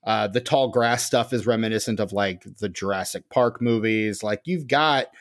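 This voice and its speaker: A man's voice: fairly low pitch, moderate pace. Rambling joking podcast guy. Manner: joking, rambling with many fillers. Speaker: podcast co-host. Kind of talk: casual chat.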